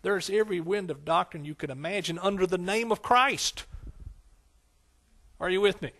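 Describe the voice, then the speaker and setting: A man with a high-pitched voice delivers a sermon as a pastor. He preaches emphatically, repeating key phrases and often checking in with his listeners for a response. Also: moderate pace, fairly bright tone. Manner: preaching with call-and-response questions to the congregation.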